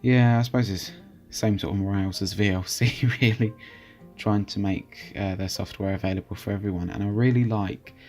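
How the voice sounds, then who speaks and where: A man's voice: lowish voice, fairly even intonation, normal speed, darkish tone, soft background music. A young man talking casually over a screen recording as host, chatty and hesitant, full of fillers and restarts. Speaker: channel host reviewing software.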